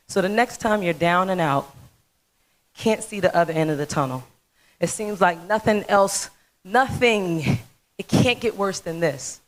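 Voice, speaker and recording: A woman in her thirties giving a motivational conference talk, telling a folksy, animated story. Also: on the low side, measured pace, poor audio. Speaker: dentist speaker.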